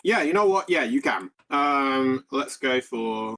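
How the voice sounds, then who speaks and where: A man's voice: medium pitch, expressive, slow, fairly bright tone. A man running a tabletop game as game master, rambling and laid-back with many fillers.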